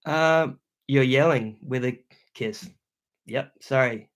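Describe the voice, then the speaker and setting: On his livestream, a young Australian YouTuber reads out viewer comments in a loud, casual, slang-heavy chat. His voice sits at a medium pitch, and he takes his time, speaking slowly.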